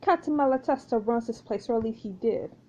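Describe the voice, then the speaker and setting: A woman's voice: on the high side, a little fast, warm tone, slight background noise, natural voice. A woman voicing a swaggering, confident French pirate woman with a put-on French accent. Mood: scheming. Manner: theatrical, sly and confident.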